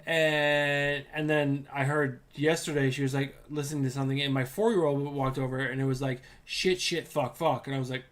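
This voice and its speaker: A man's voice: medium pitch, little pitch movement, a little fast, few pauses. A man in his thirties co-hosting a casual podcast. He rambles loosely and often restarts his sentences. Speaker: podcast co-host. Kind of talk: casual chat.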